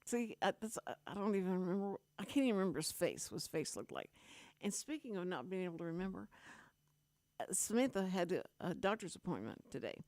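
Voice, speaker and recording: A woman's voice: on the low side, very animated, fast talker, darkish tone, no echo. An older woman, hosting a radio show and telling a long, rambling, self-deprecating story in casual chat.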